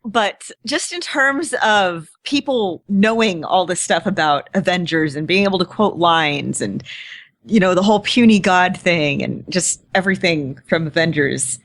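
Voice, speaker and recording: A woman co-hosting a podcast, her voice on the lower side for a woman. She is talkative and quick to laugh at herself. The recording is dry and close-miked. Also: a bit bright, no room sound. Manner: chatty, laughing, self-deprecating. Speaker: podcast co-host. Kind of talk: casual podcast chat.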